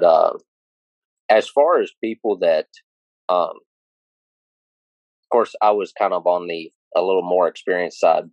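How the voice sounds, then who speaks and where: A man, a range officer, talking in a halting, casual way with many fillers. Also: sits low, no echo, rough recording. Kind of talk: casual chat.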